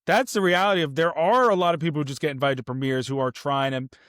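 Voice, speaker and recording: A man with a smooth, resonant voice holds forth on a film podcast, earnest and opinionated, stumbling through fillers and restarts. He sits close to the mic in a dry, dead-sounding room. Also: a little high, fairly even intonation, fast, a bit bright, dry recording. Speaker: podcast co-host. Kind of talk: casual film podcast chat.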